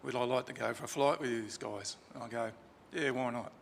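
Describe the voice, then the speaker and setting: A man's voice: medium pitch, a little fast, vocal fry, slight background noise. A man telling a chatty, informal story about a friend at a funeral in a crematorium chapel, with fillers and restarts. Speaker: funeral eulogy speaker. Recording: reverberant chapel, faint ambience.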